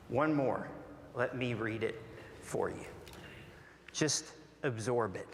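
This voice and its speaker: Slow-preaching Southern pastor in a church. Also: male voice, mid-range voice, a little hiss or hum. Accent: Southern American. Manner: slow, deliberate preaching with long pauses. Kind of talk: sermon. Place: large church sanctuary. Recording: long hall reverb.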